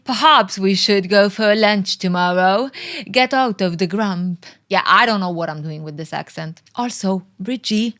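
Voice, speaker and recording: A woman's voice: mid-range voice, a bit bright. Woman vlogger, sarcastic recap commentary, teasing and chatty, frequent laughs.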